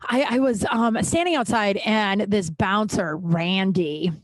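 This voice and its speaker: A woman's voice: medium pitch, slow, no echo. A woman hosting a podcast in a casual monologue, blunt and profane, ranting and going off on tangents. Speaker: podcast host.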